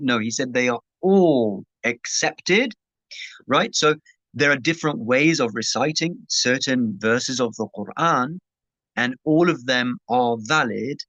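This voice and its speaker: A man's voice: medium pitch, a little slow, fairly bright tone, no echo. A man answering questions in a casual religious teaching session, talking conversationally and often checking in with "right?". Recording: dull lo-fi dry sound.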